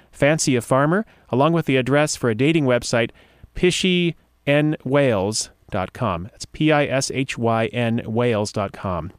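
A man hosts a casual show, reading odd news items and old poems aloud and dropping amused remarks in between. He sometimes trips over a word and starts the line again. His voice sits at a middle pitch, and the sound is dry and close with no room around it. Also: no echo. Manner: chatty, amused asides between read-out passages; stumbles and restarts when reading. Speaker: podcast host.

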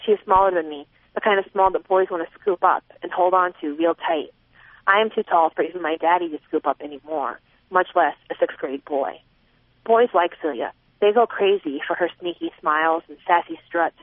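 Woman audiobook narrator, expressive first-person reading, phone-like narrow sound, dry. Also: fairly low pitch, moderate pace, dry recording. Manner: expressive, voicing a twelve-year-old girl's inner thoughts.

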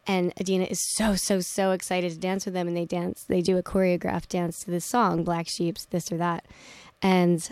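A woman novelist with a Philadelphia accent, chatting in a radio studio interview with quick, self-deprecating asides. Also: on the low side, little pitch movement, a little mellow, dry recording. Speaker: novelist guest.

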